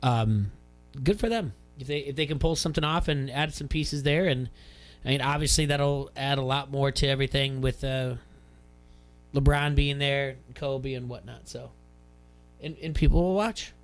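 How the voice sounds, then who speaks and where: A man's voice: medium pitch, moderate pace, faint music behind. A man co-hosting a sports radio show, chatting casually and rambling with many fillers and restarts. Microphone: studio radio mic.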